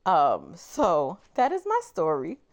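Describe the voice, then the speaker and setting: A woman crochet vlogger chatting casually as she tells a personal story, animated and exclaiming. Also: low voice, slow pace.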